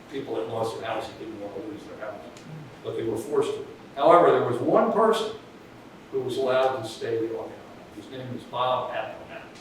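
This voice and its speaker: A man telling a long rambling anecdote in a casual way, chuckling now and then. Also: medium pitch. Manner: rambling, restarts, chuckles at his own story. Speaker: storyteller. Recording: distant echoey room with background noise.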